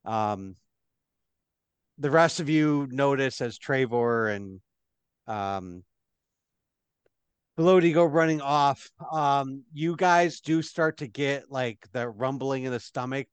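A man's voice: mid-range voice, takes it slowly, clear, resonant tone, no room sound. A man running a tabletop game as game master, narrating in a rambling way with lots of fillers.

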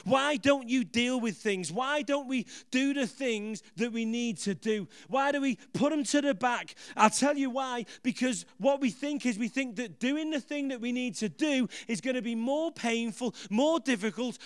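A man's voice: extremely high pitch, animated, normal speed, few pauses, dry recording. A man preaching a sermon to a congregation, emphatic, repeating phrases and putting questions to the audience.

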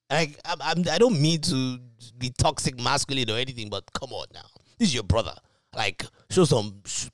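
A man co-hosting a podcast in casual chat, reading out news and reacting with animated, mocking asides. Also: mid-range voice, normal speed, no echo. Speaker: podcast co-host.

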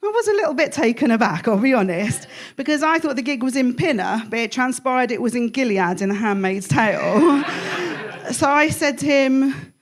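High-voiced Essex woman doing stand-up. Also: expressive, moderate pace. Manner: playful, chatty, laughing through punchlines. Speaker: stand-up comedian. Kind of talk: live stand-up set. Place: comedy club stage.

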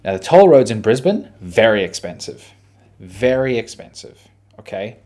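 An Australian man hosting a podcast, telling a story in a casual, animated, profane way. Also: mid-range voice, slightly rough. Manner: animated, profane, dramatic retelling. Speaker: podcast host.

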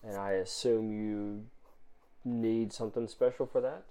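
A man voicing a hushed, low mysterious woman. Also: fairly even intonation, measured pace. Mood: probing. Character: mysterious, grave woman stranger.

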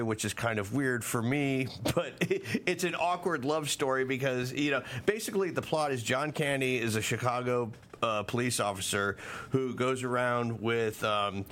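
A man's voice: medium pitch, a bit bright. A man co-hosting a casual podcast, talking at length with frequent restarts and fillers. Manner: rambling, many restarts and fillers. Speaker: podcast co-host. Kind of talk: casual chat.

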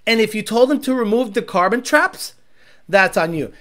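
A man's voice: sits high, expressive, normal speed, bright, forceful tone. A man voicing a stern male federal investigator demanding records. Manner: official, demanding.

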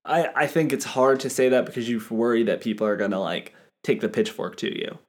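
A man's voice: mid-range voice, lively intonation, fairly quick. A man co-hosting a casual chat, talking in a thoughtful, reflective way with plenty of "like" fillers.

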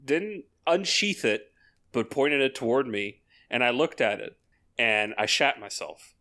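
Slow halting young man, bright tone. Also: mid-range voice. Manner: hesitant, halting with fillers. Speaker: podcast co-host. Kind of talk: casual chat.

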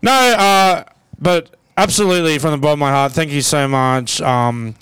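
An Australian man hosts a loose, rambling podcast chat from inside a car, laughing often as he talks. His voice is smooth and clear, recorded dry with no room sound. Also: fairly high pitch, moderate pace, fairly bright tone, no echo. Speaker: podcast host. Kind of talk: casual chat.

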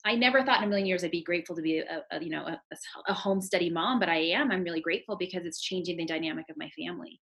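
A woman host with a fairly low voice talks about spiritual matters in a casual chat. She speaks with animation and acts out the voices of her body and soul as she goes. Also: rapid-fire, vocal fry, hardly any pauses, rough recording. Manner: animated, quotes her own inner voices.

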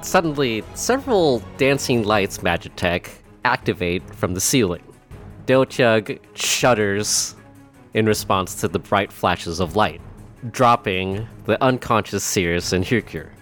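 A man's voice: on the low side, animated, unhurried, fairly bright tone, soft background music. A man narrating a tabletop game as dungeon master, casual and self-correcting with chuckles.

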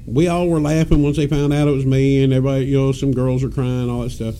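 A man's voice: mid-range voice, little pitch movement, quick pace, dark tone. A man, a podcast co-host telling rowdy stories with lots of laughter and cursing. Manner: rowdy, laughing, profane storyteller. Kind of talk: casual storytelling chat.

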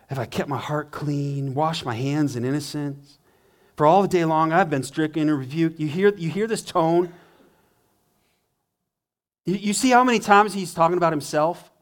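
A man who is a pastor preaching a sermon, swinging from hushed to emphatic and acting out quoted complaints in a whining voice. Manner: dramatic, acts out quoted complaints in a higher whining voice.

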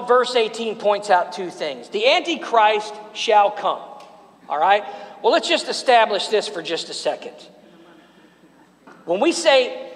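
A man preaching a sermon in a church, calling out to the congregation and asking them to answer back. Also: high-pitched. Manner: preaching with call-and-response to the congregation. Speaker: pastor. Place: church sanctuary. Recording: long hall reverb.

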